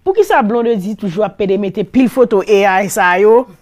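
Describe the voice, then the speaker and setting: A woman with a Haitian accent hosts a casual interview. She asks her questions conversationally and fills pauses with soft listening sounds. Her voice is at an ordinary middle pitch for a woman. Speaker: host.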